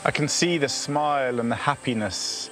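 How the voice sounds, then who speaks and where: A man's voice: mid-range voice, moderate pace. A man presenting a travel documentary, narrating and interviewing outdoors in the bush with an encouraging manner. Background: background music.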